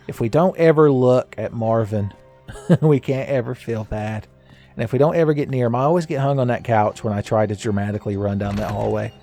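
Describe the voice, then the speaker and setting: A man giving casual, joking commentary while playing a game, his voice a little raspy today and often breaking into laughs at his own asides. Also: lowish voice, lively intonation, a little fast, dark tone, faint music behind. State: slightly raspy voice. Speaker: gaming commentator. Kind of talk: casual let's-play commentary.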